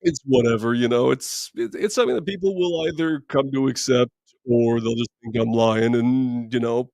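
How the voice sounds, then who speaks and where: A man with a naturally deep voice chats on a live movie stream, answering viewer comments in a relaxed, meandering way. His pitch sits in the middle range for a man. The sound is dry and close, with no room echo. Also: moderate pace, creaky. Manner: relaxed, rambling, many fillers and restarts. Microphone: streaming mic.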